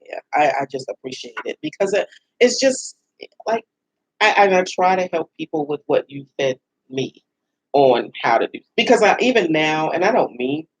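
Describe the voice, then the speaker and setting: A middle-aged woman as a radio show guest, talking in a rambling, animated way with many restarts and laughs. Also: deep voice, moderate pace, breathy edge, poor audio. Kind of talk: casual heartfelt radio conversation.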